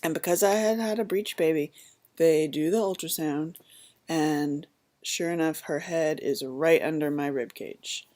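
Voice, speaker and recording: A woman in her thirties, telling a personal story in a casual, animated way. Her voice sits a little low for a woman. She jumps into the voices of the people she quotes and acts them out. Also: measured pace.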